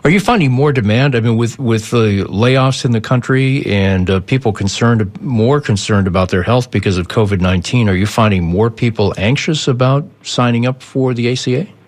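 A man's voice: mid-range voice, normal speed, few pauses. A man hosting a call-in radio show, talking conversationally and often stammering and repeating words. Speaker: radio talk show host.

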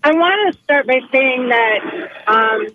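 A woman calling in to a radio show, speaking haltingly and emotionally with many pauses and restarts. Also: high-pitched, animated, background noise. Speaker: caller. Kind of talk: phone call to a radio show. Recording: tinny phone line.

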